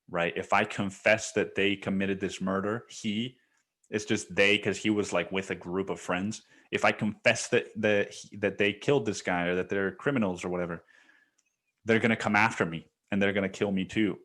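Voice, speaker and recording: A man's voice: lowish voice, steady tone, normal speed, a bit bright. A young man hosting a solo podcast, telling a story in a rambling, profane way with many restarts. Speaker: podcast host.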